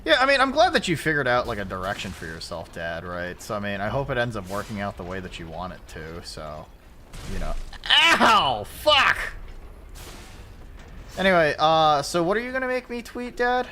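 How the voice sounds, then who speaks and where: A man chatting casually while streaming a game, swinging between loud outbursts and mumbled asides. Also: mid-range voice, huge pitch swings, quick pace, hardly any pauses, slight background noise. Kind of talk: casual gaming livestream chat.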